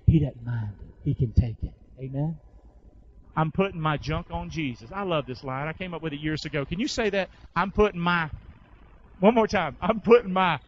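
A man's voice: a little high, normal speed, highs cut off, slight background noise. A man preaching a sermon, calling for his congregation to answer and repeating lines back. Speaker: pastor.

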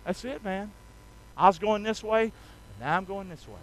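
A man's voice: sits high, normal speed, a bit bright, low-quality recording. A man preaching a sermon in a folksy, emphatic way, drawing the congregation into call-and-response. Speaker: pastor.

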